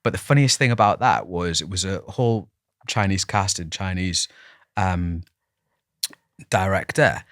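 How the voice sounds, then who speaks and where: A man's voice: sits low, a little slow, pauses often, a bit bright, no room sound, studio quality. A man, a podcast guest telling stories in a chatty, self-deprecating way with many restarts. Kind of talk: casual interview storytelling.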